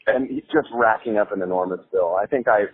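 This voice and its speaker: A man telling a story in a casual, animated way, laughing as he goes and swearing freely. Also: lowish voice, fast. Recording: tinny phone-like sound with faint music.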